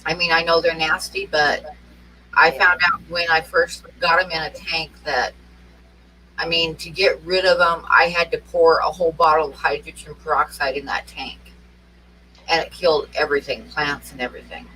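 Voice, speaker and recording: Woman guest, bright sharp voice, calm matter-of-fact tone, faint noise behind. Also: sits low, normal speed, far from the mic, rough recording. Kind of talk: casual chat.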